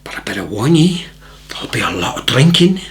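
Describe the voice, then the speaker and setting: A man voicing a big burly Scotsman with a Scottish accent, talking in a deadpan, hushed way. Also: medium pitch, fairly quick, natural voice.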